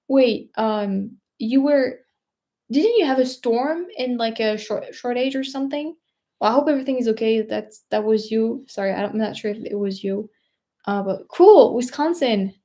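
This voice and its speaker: A woman's voice: fairly high pitch, warm tone. A French woman with a French accent hosting a casual livestream, rambling, searching for words and laughing often. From France. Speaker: vlogger host.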